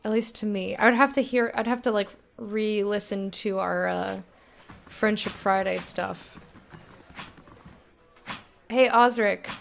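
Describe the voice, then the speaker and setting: An American woman streaming a game, chatting casually with her viewers, self-mocking and quick to laugh. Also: medium pitch, flat delivery, vocal fry, soft background music. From United States. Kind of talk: casual gameplay commentary, reading chat.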